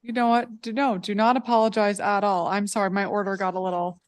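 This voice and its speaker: A woman's voice: mid-range voice, level tone, fairly quick, dry recording. A woman chairing a public hearing, politely calling up witnesses in turn.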